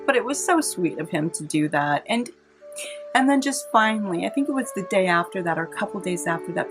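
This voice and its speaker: Chatty woman telling a story. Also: mid-range voice. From California. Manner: chatty, warm-hearted, laughs often, dramatizes quotes. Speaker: vlogger. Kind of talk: personal storytelling to camera. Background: soft instrumental music.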